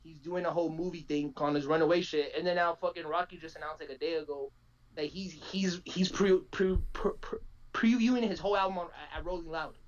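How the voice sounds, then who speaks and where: Fast-talking excitable young man. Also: a little high, muffled recording. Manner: excitable, profane, stumbling over words. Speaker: podcast co-host. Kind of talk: casual chat on a live stream.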